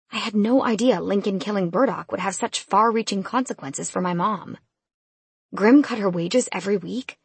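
A woman reading a novel aloud in first person, in a brisk, casual way. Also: mid-range voice, breathy edge, no room sound. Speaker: audiobook narrator.

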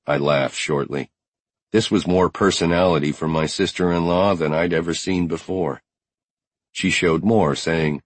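A man narrating a first-person audiobook in a measured, unhurried way. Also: a bass voice, dry recording.

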